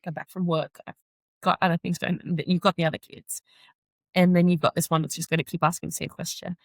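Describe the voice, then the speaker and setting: A mother speaking earnestly as a podcast guest, reflective and frank, at times echoing questions in a higher voice. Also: level tone, brisk. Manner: earnest, reflective, often acts out her son's repeated questions in a higher voice. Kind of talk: candid interview conversation.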